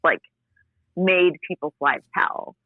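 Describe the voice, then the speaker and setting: A young woman co-hosting a talk show, chatty and animated, swearing freely. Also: fairly low pitch, slow, no room sound. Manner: animated, swearing, laughing often. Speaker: co-host. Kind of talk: casual chat. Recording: dry, phone-like line.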